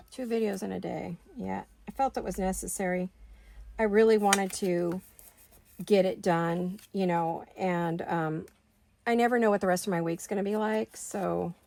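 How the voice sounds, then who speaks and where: Middle-aged lady chatting while she crafts, gravelly voice, faint noise behind. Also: mid-range voice, steady tone, a little slow, long pauses, darkish tone. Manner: chatty, talks to herself while working. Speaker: craft video host. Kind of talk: casual crafting chat.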